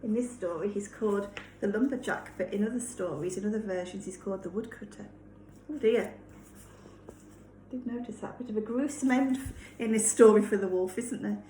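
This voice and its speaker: A woman, a teacher reading a storybook aloud to children, gently explaining and asking them questions. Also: mid-range voice, a little fast, slight background noise. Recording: echoey room.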